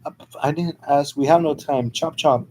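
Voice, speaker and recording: A man's voice: a little high, normal speed, warm tone, slight background noise, natural voice, rough recording. A man voicing a tough, short-tempered young woman who snaps orders impatiently, in an amateur fan story reading. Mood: bossy. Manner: bossy, impatient, snapping orders.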